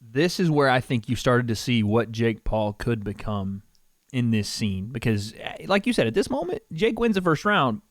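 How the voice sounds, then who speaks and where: A man's voice: medium pitch, sing-song, normal speed, no room sound, studio quality. A man co-hosting a podcast, casually breaking down old fight footage and calling out punches with little sound effects.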